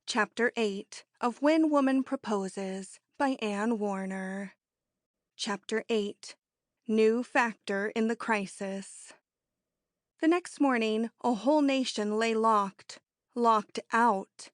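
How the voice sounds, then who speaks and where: A woman narrating an audiobook in a measured, even storytelling manner. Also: on the high side, no echo, studio quality. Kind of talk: scripted narration.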